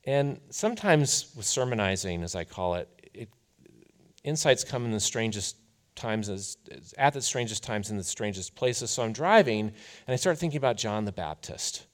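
A man preaching a sermon as a pastor, telling the story in a conversational, animated way. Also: on the low side, normal speed.

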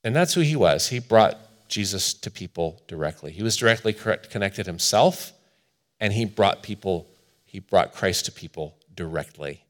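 Earnest man preaching, lowish voice. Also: lively intonation, moderate pace. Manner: earnest, storytelling with quoted voices. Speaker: pastor. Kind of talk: sermon.

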